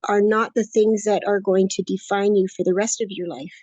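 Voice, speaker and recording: A woman's voice: medium pitch, fairly even intonation, moderate pace, a little mellow, dry recording, lo-fi sound. A woman in her late sixties, talking in a chatty, upbeat, rambling way as a guest in an interview. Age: 60s. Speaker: course student interviewee. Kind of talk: casual interview conversation.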